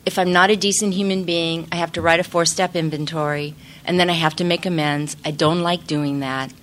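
A middle-aged woman with a slightly low voice shares her recovery story in a casual testimony. She talks chattily and pokes fun at herself, with plenty of fillers and restarts. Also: fairly even intonation, brisk, a bit bright, a little hiss or hum. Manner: chatty, self-deprecating, frequent fillers and restarts. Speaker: speaker sharing recovery story.

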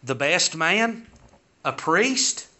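A man's voice: fairly high pitch, very animated, extremely slow, sharp tone. A man preaching a sermon in a folksy style, asking the congregation pointed rhetorical questions. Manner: folksy, rhetorical questions, rising to emphatic peaks.

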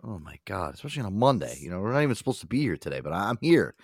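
A man's voice: lowish voice, sing-song, very fast, breathy edge, no echo, studio quality. A man hosting a podcast in casual, profane banter, laughing often and swearing freely. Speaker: podcast host.

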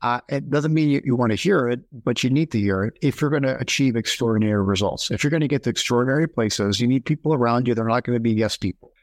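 A man speaking quickly as a guest on a podcast, in a close, dry recording with no room sound. He tells stories with energy and jumps into quoted voices as he goes. His pitch sits in the middle range. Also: no room sound. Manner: animated storyteller, acts out quoted voices. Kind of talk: conversational interview.

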